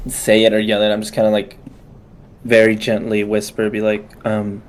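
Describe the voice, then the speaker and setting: A man's voice: on the low side, monotone, moderate pace. Hesitant man playing a tabletop game. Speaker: player. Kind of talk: casual tabletop play.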